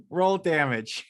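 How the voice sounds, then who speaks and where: A man's voice: high-pitched, fairly bright tone. A man narrating as game master in an easygoing way, with lots of fillers.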